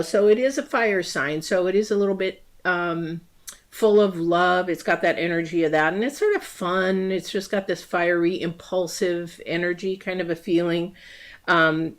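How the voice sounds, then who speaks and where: Low-pitched female astrology reader, loose and chatty livestream delivery. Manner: rambling, many ums and restarts; acts out quoted voices in story asides. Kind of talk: casual livestream talk.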